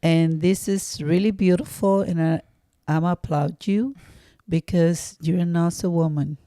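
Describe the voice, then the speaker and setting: Deep-voiced, sincere prayerful woman. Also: steady tone, dark tone, dry recording, clean studio sound. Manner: sincere, prayerful, slightly halting. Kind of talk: heartfelt encouragement.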